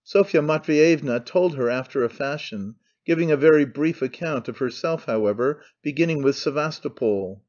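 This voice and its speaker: Male audiobook narrator, slightly high voice. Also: moderate pace, few pauses, darkish tone, lo-fi sound. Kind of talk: scripted narration.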